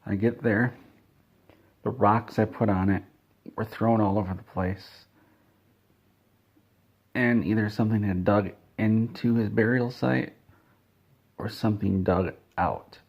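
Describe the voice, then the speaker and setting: A man with a low, husky voice spins an absurd comic tale with a completely straight face. He rambles and backtracks over his own words. The recording is dull and lo-fi. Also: unhurried, long pauses. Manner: deadpan, rambling with self-corrections. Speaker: comedic storyteller. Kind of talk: absurd comedic story told straight-faced.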